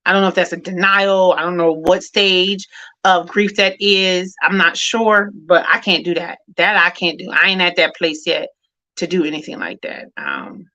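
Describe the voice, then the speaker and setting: Woman, middle-aged, bright forceful tone, low-pitched, candid rambling talk, grief-chat host. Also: moderate pace, highs cut off. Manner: candid, rambling with many fillers and restarts. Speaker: host of a women's grief discussion. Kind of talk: casual heartfelt chat.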